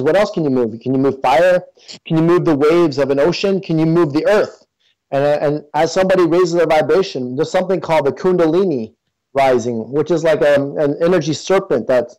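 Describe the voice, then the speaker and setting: Earnest man with a slightly high voice. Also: a little mellow, low-quality recording. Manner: earnest, with many fillers and restarts. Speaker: guest. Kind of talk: casual interview talk. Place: in Toronto.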